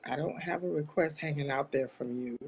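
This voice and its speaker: A woman's voice: deep voice, brisk, darkish tone, dull audio. A woman hosting a live online talk show, speaking straight to her viewers in an impassioned, churchy way. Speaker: live-stream host. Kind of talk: casual live chat.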